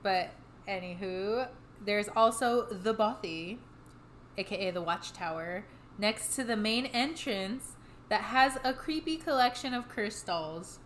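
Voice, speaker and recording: A woman's voice: mid-range voice, a little slow, a bit bright, slight background noise, low-quality recording. A young woman co-hosting a podcast, chatting casually and reading history notes with jokey asides and easy laughter. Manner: laughs easily, jokey asides between read-out facts. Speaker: podcast co-host.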